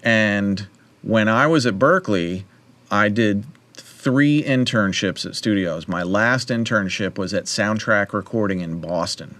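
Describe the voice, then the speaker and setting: A man's voice: fairly low pitch, unhurried, no room sound. A man in his fifties hosting a livestream, telling a casual studio story and acting out the voices of people he quotes. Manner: animated, acts out quoted voices. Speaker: livestream host.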